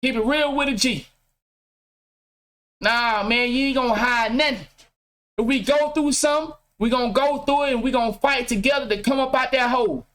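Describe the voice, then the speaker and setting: A man's voice: extremely high pitch, brisk, a bit bright. A middle-aged man, ranting bluntly to his chat from his game room at home and swearing freely. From Mississippi. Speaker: vlogger. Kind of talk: casual profane rant to camera.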